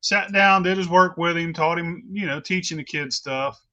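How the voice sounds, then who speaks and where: High, bright-voiced man telling blunt stories. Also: moderate pace. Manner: blunt, heavy cursing, rambling restarts. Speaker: storyteller on a talk stream. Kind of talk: casual profane storytelling. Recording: dull lo-fi recording.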